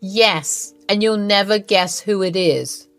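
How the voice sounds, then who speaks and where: A woman's voice: mid-range voice, slow pace, soft background music. Woman doing a smug scheming mother-in-law. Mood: gloating. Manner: smug, gloating.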